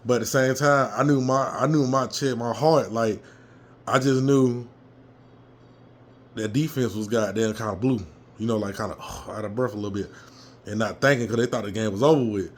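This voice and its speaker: A man telling a fired-up story from a football game he attended, his voice a little hoarse, swearing freely and jumping into loud reenactments. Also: mid-range voice, normal speed. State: slightly hoarse. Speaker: fan commentator. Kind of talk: casual fan rant.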